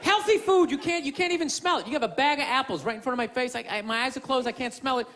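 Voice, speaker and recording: High-pitched ranting stand-up comic. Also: male voice, fast talker. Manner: ranting, profane, acts out voices of people. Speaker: stand-up comedian. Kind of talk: stand-up comedy routine. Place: theater stage before a live audience. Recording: stage mic with loud crowd laughter and noise.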